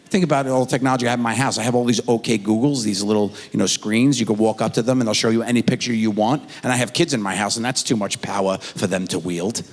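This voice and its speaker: With a lowish voice, a quick pace and few pauses, a middle-aged man delivers stand-up, animatedly telling stories and mimicking his kids' voices. It's recorded in a theater with a long hall reverb.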